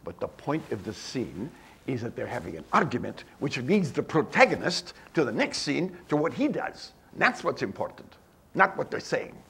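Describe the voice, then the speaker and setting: A man putting on an Italian accent to imitate an older Italian film director who explains things slowly and haltingly. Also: mid-range voice, very animated, gravelly, a bit bright, husky, voice pushed up, heavily acted. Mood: patiently explaining.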